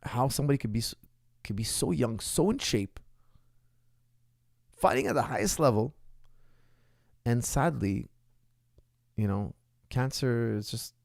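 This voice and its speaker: A man's voice: medium pitch, animated, unhurried, vocal fry, pauses often, a little mellow, no room sound, clean studio sound. A man in his forties, a martial arts coach, answering viewer questions in an emphatic way and often checking in with "okay?". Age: 40s.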